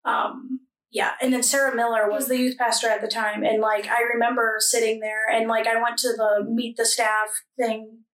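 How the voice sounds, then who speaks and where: A woman's voice: on the high side, flat delivery, normal speed, few pauses, fairly bright tone, distant mic. A young adult woman, a church guest in a casual interview, talking chattily with many fillers and restarts. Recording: echoey room, a bit off mic.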